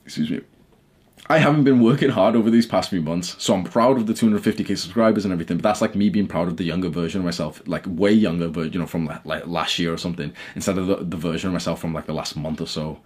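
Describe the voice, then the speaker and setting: A man's voice: low-pitched, fast, darkish tone, breathy edge. A young man talking to camera from his bedroom, blunt and heated, swearing often as he rants. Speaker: YouTuber. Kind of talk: casual talk to camera.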